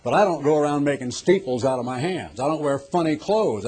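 A middle-aged man from the United States preaching a television sermon, husky, swinging from hushed to loud and pressing rhetorical questions. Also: a little high, expressive, fairly quick, few pauses.

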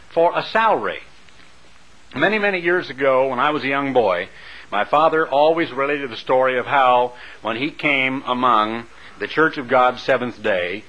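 Man preaching on lo-fi radio. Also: medium pitch. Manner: wide swings between loud emphasis and soft asides. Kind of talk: radio sermon. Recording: muffled lo-fi radio broadcast.

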